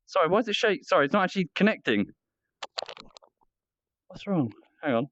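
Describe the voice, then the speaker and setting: A man's voice: high-pitched, very animated, a little fast, long pauses, loud music behind the voice. A man livestreaming, chatting casually with rambling, self-mocking banter.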